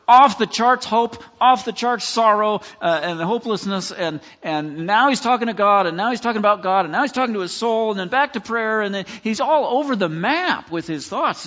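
A man's voice: high voice, pushed and bright. A pastor giving a sermon in a conversational, emphatic way, often acting out the words he quotes. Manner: conversational preaching, emphatic, acts out scripture quotes. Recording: dull lo-fi recording with long hall reverb.

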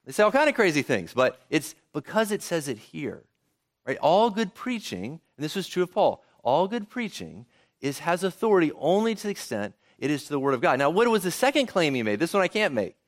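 A male pastor delivering a sermon in a conversational way, often tossing rhetorical questions to his listeners. His voice is fairly high for a man and swings widely in pitch as he explains. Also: sing-song, brisk.

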